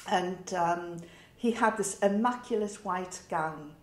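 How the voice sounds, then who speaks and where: A middle-aged woman with a northern English accent tells a personal story in a reflective, wry way, with pauses and fillers. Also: on the low side. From north of England. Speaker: interviewee. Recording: roomy echo.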